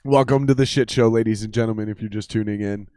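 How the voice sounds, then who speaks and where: A man's voice: lowish voice, steady tone, fast, dark tone, clean tone, no echo. Male host, casual and profane, laughs a lot, dry close mic. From Minnesota. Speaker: podcast host. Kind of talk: casual live-stream banter.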